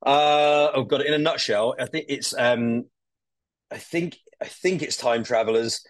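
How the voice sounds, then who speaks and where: A man's voice: mid-range voice, unhurried, no echo. A young man chatting on a podcast as a guest, rambling with lots of fillers and casual swearing.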